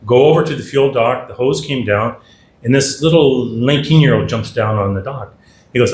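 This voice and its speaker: A middle-aged man from Canada giving a talk at a dinner, telling lively anecdotes and acting out the dialogue. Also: mid-range voice, moderate pace. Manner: anecdotal, animated, acts out dialogue. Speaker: guest speaker. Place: dinner hall. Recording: echoey room with faint ambience.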